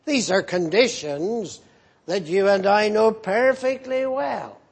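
Husky-voiced man preaching a slow sermon. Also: sits high. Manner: earnest, rebuking, emphatic repetition. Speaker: pastor.

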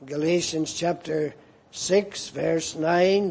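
Male preacher, high and slow, husky, mellow tone, dramatic sermon delivery. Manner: animated, dramatic voicing of scripture figures.

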